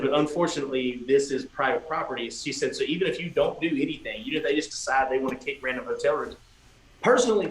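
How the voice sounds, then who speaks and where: Guest musician, male, lively anecdote teller, roomy echo. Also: medium pitch. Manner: animated storyteller, swearing, acting out quotes. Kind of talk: casual storytelling on a livestream. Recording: echoey room with faint ambient noise.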